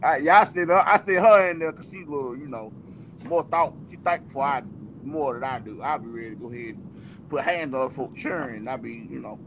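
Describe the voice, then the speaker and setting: A man hosting a casual podcast, telling animated, profane stories full of repeats. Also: medium pitch, brisk, background noise. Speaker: podcast host. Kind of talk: casual storytelling chat. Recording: dull lo-fi sound.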